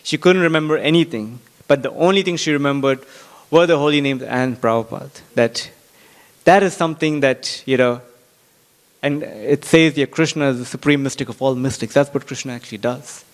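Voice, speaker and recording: A man giving a sermon-style scripture class in a temple, telling a story with lively acted-out quotes and frequent fillers. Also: medium pitch, normal speed. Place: temple hall.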